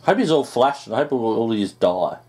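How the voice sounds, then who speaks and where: A man giving excited gameplay commentary, groaning at setbacks and swearing now and then. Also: mid-range voice, fairly quick, slight background noise. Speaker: gaming YouTuber.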